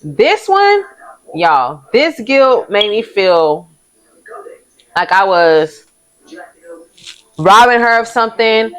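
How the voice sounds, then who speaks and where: A woman's voice: medium pitch, very animated, takes it slowly, long pauses, low-quality recording. A young woman hosts a vlog, talking candidly and casually about parenthood. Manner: candid, chatty, uses southern US vernacular, laughs often. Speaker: vlog host. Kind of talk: casual confessional chat.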